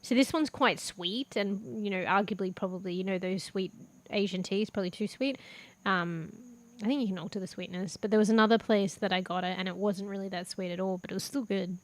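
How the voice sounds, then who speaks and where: A woman's voice: mid-range voice, a little fast, hardly any pauses. A young woman streaming as a VTuber, chatting casually while eating, swearing freely and laughing often. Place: home room with a fan.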